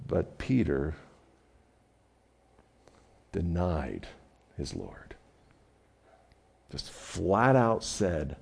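A male pastor delivers a sermon in a loose, conversational way, stumbling and repeating words as he goes. His voice is low and rough with a gravelly fry. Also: lively intonation, slow pace, long pauses, darkish tone.

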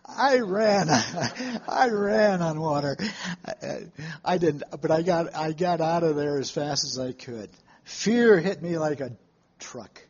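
Slow, husky preacher in a lo-fi recording. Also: male voice, fairly high pitch, a little mellow. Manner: folksy storytelling, halting restarts, asks the congregation questions. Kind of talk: sermon. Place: church with live congregation.

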